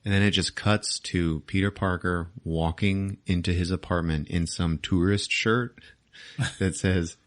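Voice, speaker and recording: A man's voice: sits low, steady tone, unhurried. A man hosting a podcast, recapping a movie in loose casual chat, swearing and laughing as he acts out the scenes. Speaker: podcast host.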